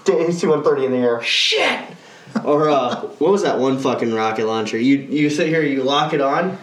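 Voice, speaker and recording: A young man co-hosting a casual podcast, telling gaming stories in an excitable, profane way with sudden shouted outbursts. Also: mid-range voice, a little fast, roomy sound. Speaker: podcast co-host. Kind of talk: casual chat.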